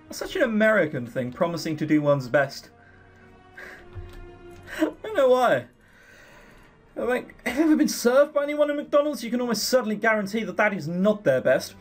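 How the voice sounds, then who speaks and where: A man's voice: high-pitched, animated, normal speed, long pauses, soft background music. A man joking sarcastically while playing a visual novel. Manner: sarcastic, jokey, sweary asides. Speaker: let's play host. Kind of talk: casual visual novel commentary.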